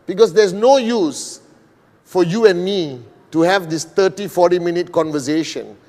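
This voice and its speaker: Middle-aged Malaysian man, slightly high voice, deliberate sales presenter in a reverberant hall. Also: a little mellow. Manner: slow, deliberate, with frequent "all right" and "okay". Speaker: business presenter.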